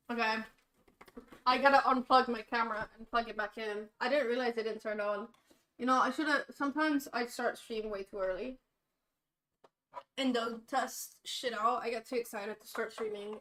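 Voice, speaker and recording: A woman streaming a game live, reacting with excitable outbursts and frequent laughter. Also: on the high side, normal speed.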